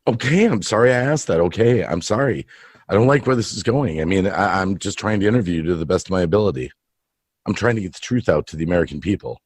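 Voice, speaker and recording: A man hosting an improvised comedy interview, rambling and halting as he asks absurd questions in earnest. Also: deep voice, animated, darkish tone, husky. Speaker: streamer and mock interviewer.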